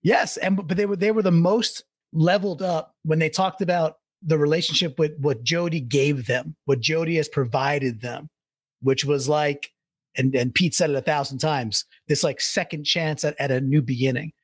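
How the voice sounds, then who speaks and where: A man's voice: a little high, steady tone, normal speed, no room sound. A man co-hosting a casual sports talk show, rambling and laughing as he talks. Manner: rambling, restarts, laughs while talking. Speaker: sports podcast co-host.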